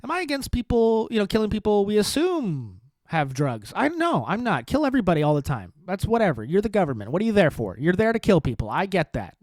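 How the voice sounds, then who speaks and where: A podcast host rants about politics casually, rambling, sarcastic and profane, full of rhetorical questions and repeated phrases. His high voice swoops wildly in pitch, and he talks fast with a slightly mellow tone and no room sound.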